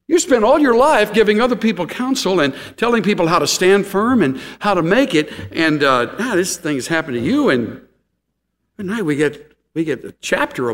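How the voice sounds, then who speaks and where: Middle-aged male pastor, fairly high and very lively delivery, animated storyteller, big hall echo. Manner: animated, acts out quotes with gasps and laughs. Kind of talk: sermon.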